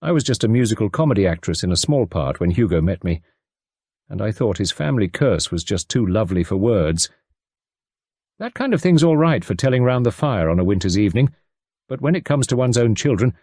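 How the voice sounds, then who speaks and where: A man's voice: on the low side, sing-song, brisk, dark tone, no room sound, studio quality. A man reading aloud, voicing a determined, worried American woman of about thirty with an American accent, speaking in an earnest, anxious, pleading way.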